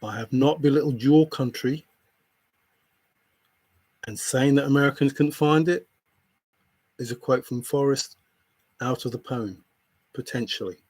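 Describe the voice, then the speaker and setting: A man's voice: medium pitch, unhurried, pauses often, a little mellow, dry recording. A man livestreaming, confronting a viewer in chat with an angry, repetitive, swearing rant.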